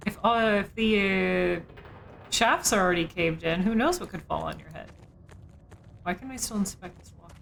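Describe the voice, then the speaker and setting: A woman's voice: medium pitch, normal speed, gravelly, a bit bright, slight background noise. Swearing, chatty woman streamer. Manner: chatty, swearing, laughing asides. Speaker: game streamer. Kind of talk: casual let's play commentary.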